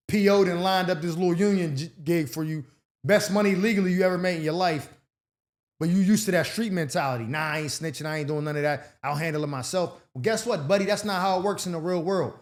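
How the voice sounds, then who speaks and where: High-voiced man giving blunt advice. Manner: slangy, blunt, streetwise banter; reads out viewer letters. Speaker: advice show host. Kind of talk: casual advice commentary.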